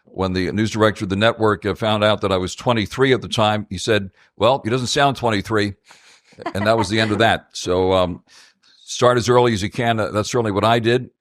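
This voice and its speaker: A man speaking as moderator of a panel for high school students, measured and full of fillers. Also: steady tone, no room sound. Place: auditorium event.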